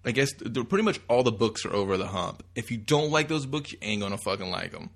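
A man's voice: medium pitch, very animated, fast talker, gravelly, a bit bright. A man co-hosting a comic book podcast in crude, joking casual chat, often swearing and putting on voices. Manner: profane, joking, acts out voices. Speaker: podcast co-host.

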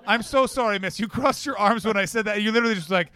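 A brash man with a high, bright, forceful voice, riffing and swearing through live Q&A banter. His stays plain throughout. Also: fast talker. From Canada. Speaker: comedian, guest.

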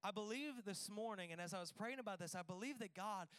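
A man's voice: high voice, fast talker, fairly bright tone, smooth, dry recording. A man preaching a sermon in a conversational, joking way, acting out the dialogue of the scripture. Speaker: pastor.

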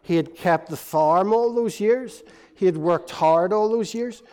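Male preacher, playful storyteller for kids, high voice, church-hall reverb. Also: a little slow. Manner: lively, playful storytelling to children. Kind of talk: all-age sermon storytelling.

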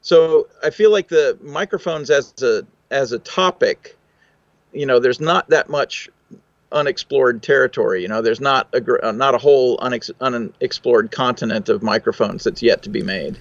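A man's voice: medium pitch, normal speed, no room sound, dull audio. A man, a recording engineer, answering interview questions in a thoughtful, technical way with fillers and restarts.

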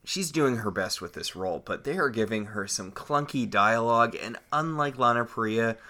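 A man's voice: medium pitch, animated, normal speed, bright, forceful tone. A man from the United States co-hosting a podcast, picking apart a TV episode in a thoughtful, analytical way. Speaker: podcast co-host. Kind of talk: casual chat recapping a TV episode.

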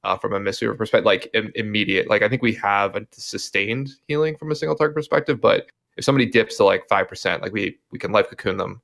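Low creaky guy rambling casually, lots of ums and likes. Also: fast, a bit bright. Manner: rambling, lots of fillers and hedges. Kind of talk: casual chat.

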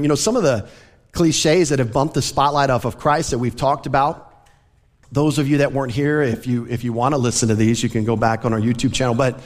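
A male pastor from the American South delivers a conversational sermon, earnest and personable, with occasional light laughter. His mid-pitched voice rings out with a long reverb through a church sanctuary.

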